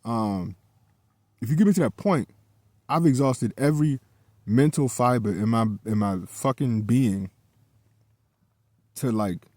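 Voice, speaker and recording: A man's voice: medium pitch, expressive, unhurried, pauses often, darkish tone, dry recording. Guy ranting thru a personal story, swears a lot, keeps repeating himself, mid voice, dry sound. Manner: profane, heated, repeats himself often. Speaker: vlogger telling a personal story. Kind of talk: casual storytime monologue.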